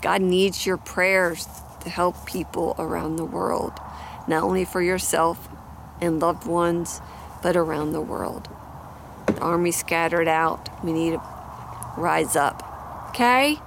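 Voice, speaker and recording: A woman talks straight to her viewers outdoors, holding a handheld mic, her voice a little gravelly. She moves between easy chat and earnest prayer. Faint outdoor noise sits behind her. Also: on the low side, fairly even intonation, slow pace, long pauses. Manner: earnest, chatty, prays aloud. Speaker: Christian ministry vlogger. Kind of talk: casual prayer and encouragement talk. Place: outdoors near animals and hay. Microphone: handheld microphone.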